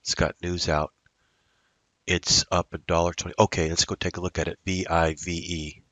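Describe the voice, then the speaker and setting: A man's voice: deep voice, level tone, normal speed, a bit bright, dry recording. A man day trader giving rambling live commentary on his trades, talking to himself and drifting into musings. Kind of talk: live trading commentary over a screen recording.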